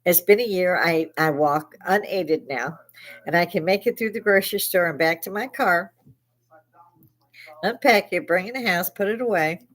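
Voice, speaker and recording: A woman's voice: fairly low pitch, normal speed. An older woman, hosting a live stream and casually telling a story, laughing often and swearing freely. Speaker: livestream host.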